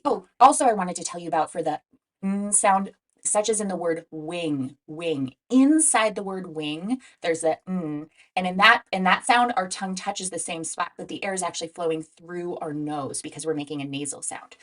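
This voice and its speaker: A woman teacher giving a phonics lesson for young children, slowly modeling each speech sound. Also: fairly low pitch. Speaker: reading teacher.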